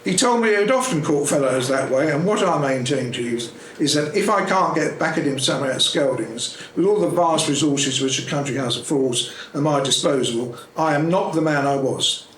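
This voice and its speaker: A man reading a comic short story aloud at a club meeting, in a brisk, playful manner. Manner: brisk, playful reading with lively jumps in pitch between characters. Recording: echoey room with faint background noise.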